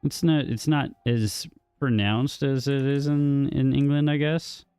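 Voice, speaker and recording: A man's voice: mid-range voice, steady tone, measured pace, warm tone, smooth, dry recording, soft background music. A man streaming a game live, chatting casually and joking with repeated words and chuckles. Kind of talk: casual chat while gaming.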